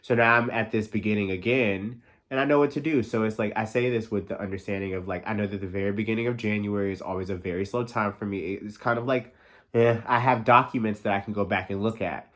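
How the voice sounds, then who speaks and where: Thirties guy rambling fast on his podcast, kinda low voice, lots of likes. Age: 30s. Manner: fast, excitable, lots of "like" fillers and swearing. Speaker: podcast host. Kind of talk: casual solo monologue. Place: New York.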